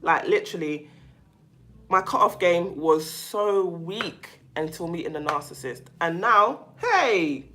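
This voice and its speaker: Woman vlogger, casual monologue, emphatic and animated, bright tone. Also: on the low side, slow, slight background noise. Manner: emphatic, animated, calls the listener "baby"; repeats herself and restarts often. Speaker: vlogger talking about narcissistic abuse.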